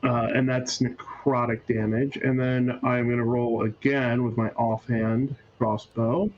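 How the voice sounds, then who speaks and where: A man's voice: mid-range voice, little pitch movement, measured pace, slight background noise. A man player in a tabletop game, speaking briefly and matter-of-factly. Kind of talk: casual tabletop game play. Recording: muffled audio.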